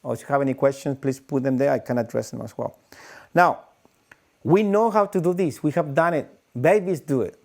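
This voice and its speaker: A man teaching breathwork in a live-streamed lesson, animated, demonstrating breaths with audible sighs. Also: a little high.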